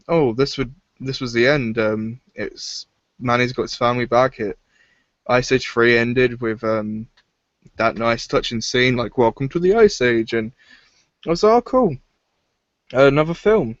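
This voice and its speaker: A young man reviewing films in a casual chat, animated, laughing often and acting out lines. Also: mid-range voice, measured pace, dry recording, muffled recording. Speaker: film reviewer.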